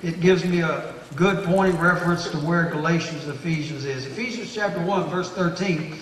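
A man's voice: fairly high pitch, moderate pace, slight background noise. A man preaching a sermon in an emphatic, folksy way with homespun humor. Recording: echoey room from far off.

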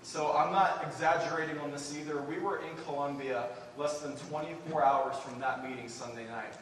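A man's voice: fairly high pitch, moderate pace, a little hiss or hum. Earnest man preaching in an echoey hall. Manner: earnest, builds to excited emphasis, addresses "church". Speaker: preacher sharing a mission report. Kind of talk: sermon with personal story. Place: church sanctuary. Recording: echoey hall, distant mic.

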